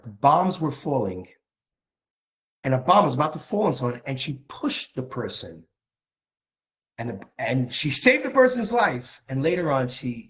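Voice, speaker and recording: Man talking candidly, halting and frank. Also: medium pitch, poor audio. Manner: candid, halting, with frequent restarts. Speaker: speaker on marriage. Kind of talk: personal talk.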